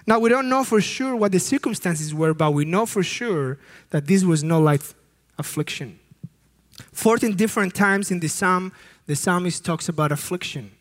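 A man's voice: high-pitched, normal speed. A man preaching a sermon as a youth ministry director, earnest and emphatic, with occasional slips and restarts.

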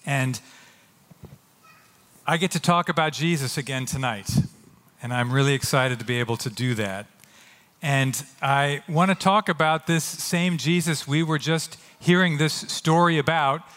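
A man preaching a sermon as pastor, earnest and animated, often acting out quotes. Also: on the high side, unhurried, long reverb tail. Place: church sanctuary.

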